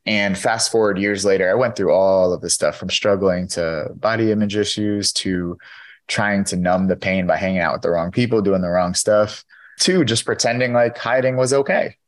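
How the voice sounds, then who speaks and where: A man's voice: low-pitched, normal speed. A man, a podcast guest and keynote speaker, candidly telling his personal story in an interview, earnest and full of "you know".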